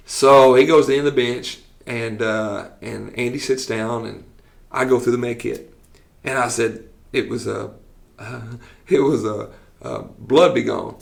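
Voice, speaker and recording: A man, a coach telling lively stories on a podcast and acting out what people said. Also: medium pitch, a little slow, vocal fry. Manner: animated storyteller who acts out quotes with laughs. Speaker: football coach and teacher.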